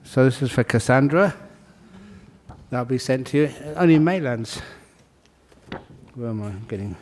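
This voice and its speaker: A Buddhist monk leading a ceremony, calling out names in a casual, joking way and laughing between them. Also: male voice, medium pitch, expressive, a little slow, background noise. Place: large hall.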